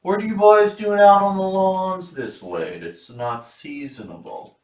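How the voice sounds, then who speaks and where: A man voicing a pompous older nobleman who stretches his vowels long and slow. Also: high-pitched. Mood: drawling genial. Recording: roomy, distant mic.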